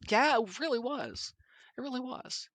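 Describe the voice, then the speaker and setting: A woman hosting a casual podcast chat, telling animated stories and acting out the voices of people she quotes. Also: a little high, normal speed, no room sound. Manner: animated storyteller who acts out quotes. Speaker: podcast host and presentation coach.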